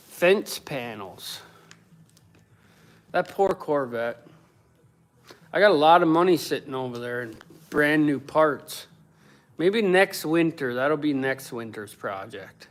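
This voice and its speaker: A man's voice: fairly high pitch, a little slow, long pauses, a bit bright. A man livestreaming from his home workshop, swearing constantly and ranting at his chat while he builds. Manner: profane, combative, ranting. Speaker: livestreaming woodworker. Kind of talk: casual livestream rant while working.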